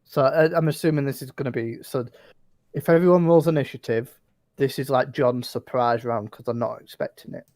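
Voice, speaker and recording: Man, game master, gravelly dark voice, dry close sound, relaxed narration. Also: mid-range voice, brisk, no room sound. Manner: relaxed narration with filler ums.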